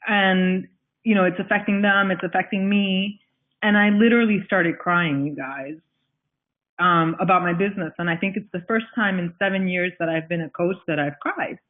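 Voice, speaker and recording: A woman's voice: lowish voice, moderate pace. Woman, coach hosting a team call, upbeat, encouraging, chatty, recovering from flu, tinny phone-line sound.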